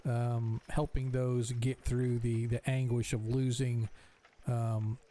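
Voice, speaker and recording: A man's voice: medium pitch, level tone, slow, warm tone. A man narrating a tabletop game as game master, rambling with many fillers.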